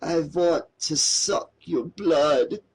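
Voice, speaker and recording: A man's voice: fairly high pitch, drawn-out words, husky, full character voice. A spoiled, drunk teenage boy, as a man reading a horror audiobook plays him. He drawls lazily and slurs his words, then snarls with menace, always sounding entitled and half out of control. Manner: slurred, lazy, turning into angry growls.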